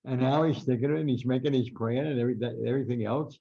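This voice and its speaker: A man's voice: mid-range voice, racing, creaky, warm tone, highs cut off. An older American man, a veteran writer, telling rambling anecdotes as a podcast guest, with an American accent. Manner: rambling anecdotal storyteller, frequent restarts. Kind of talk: storytelling interview.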